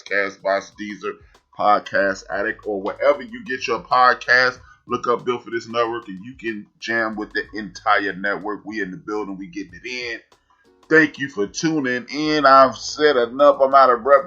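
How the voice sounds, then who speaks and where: A man in his forties hosting a sports talk podcast, emphatic and animated with shout-outs. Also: fairly low pitch. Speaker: podcast host. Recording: dull lo-fi sound, faint music.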